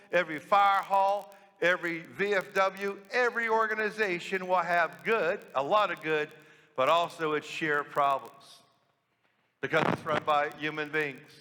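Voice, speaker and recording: A priest giving a storytelling sermon in church, talking conversationally and asking the congregation questions. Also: male voice, high-pitched, sharp tone. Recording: long church reverb.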